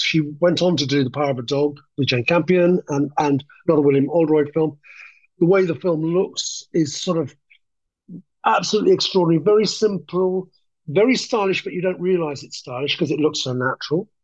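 A man's voice: fairly high pitch, moderate pace, lo-fi sound. A man, a film director, talking as a podcast guest, enthusiastic and rambling, often restarting his sentences. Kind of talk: conversational interview.

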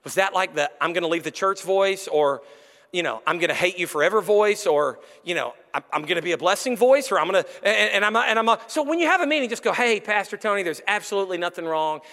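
A male senior pastor preaching an animated sermon, breaking into shouts and acted-out quotes. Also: high voice, quick pace. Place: church sanctuary. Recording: long church hall reverb.

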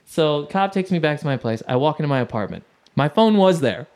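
Lively storytelling man. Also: a little high, quick pace. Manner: lively storyteller who acts out quoted voices and laughs between lines. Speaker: guest storyteller. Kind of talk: casual anecdote telling.

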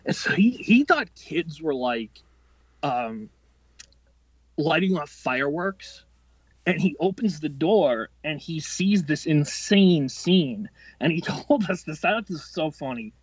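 A man's voice: fairly high pitch, lively intonation, breathy edge, dry recording, lo-fi sound. Profane, rambling young man on a podcast. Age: 20s. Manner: profane, rambling, quick-tempered delivery. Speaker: podcast guest. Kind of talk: casual storytelling.

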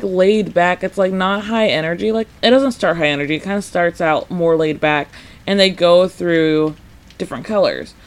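A man with a high voice hosts a casual solo podcast, talking through a retrospective. He is chatty and animated, with plenty of "like", quick laughs and acted-out lines. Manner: chatty, says "like" often, laughs a lot; animated, acts out characters' lines. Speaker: podcast host.

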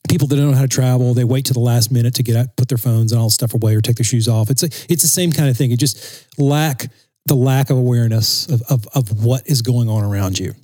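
A man's voice: medium pitch, quick pace, warm tone, dry recording. A man, a podcast co-host, ranting in casual chat, self-described as impatient.

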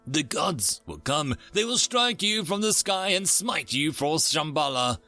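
A man's voice: fairly high pitch, sing-song, creaky, bright, forceful tone, faint music behind, voice pushed up, heavily acted. A man playing a defiant captive tribesman. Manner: slow, defiant, proud declarations.

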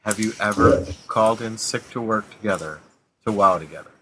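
A man's voice: fairly low pitch, a little fast, heavy background noise. A man co-hosting a podcast who asks dry, teasing questions. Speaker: podcast co-host. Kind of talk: casual chat.

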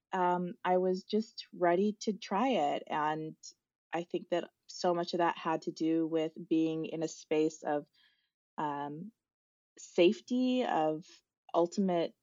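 Soft-spoken woman telling her story. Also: on the low side, no room sound, lo-fi sound. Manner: thoughtful, searching, with frequent pauses and fillers. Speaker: guest. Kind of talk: reflective personal storytelling.

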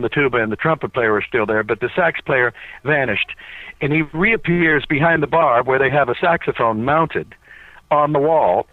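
A man recounts a story with animated energy, stopping often on "uh" as he goes. The sound is dry and squeezed through a thin, tinny phone line. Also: medium pitch, no room sound. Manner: animated storyteller, frequent "uh" fillers. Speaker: podcast guest. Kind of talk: casual anecdote telling. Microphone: cell phone.

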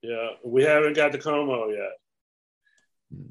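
A man's voice: mid-range voice, slow, rough recording. A man co-hosting a podcast in casual chat, matter-of-fact and often giving short agreeing replies. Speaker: podcast co-host.

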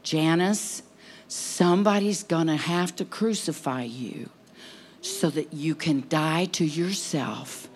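A woman preaching at a conference service, impassioned, swinging between near-whispers and loud cries. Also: low voice, takes it slowly, slight background noise. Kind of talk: conference sermon.

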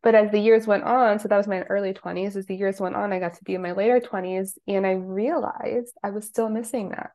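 A woman in her thirties, a guest on an interview show, telling her life story in a casual, animated way, acting out quotes with lively voices. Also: mid-range voice, fairly quick, few pauses. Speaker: guest, psychic and life coach.

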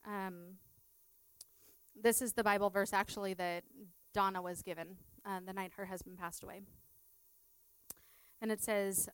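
A woman's voice: medium pitch, fairly even intonation, measured pace, pauses often, a bit bright, smooth, no echo, poor audio. A middle-aged woman, a teacher, sharing a personal testimony in a chatty way full of fillers. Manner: chatty, filler-heavy storytelling.

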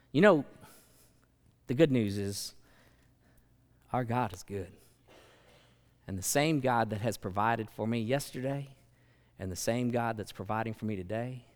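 A man preaching a sermon as pastor, building to loud emphatic peaks and acting out quoted voices. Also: on the low side. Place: large church sanctuary. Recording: long church hall reverb.

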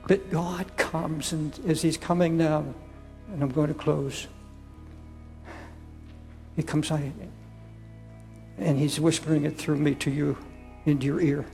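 An older man preaching a sermon, pleading slowly and repeating words as he appeals to listeners. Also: fairly high pitch, little pitch movement, gravelly, a little mellow, in a large hall, faint music behind.

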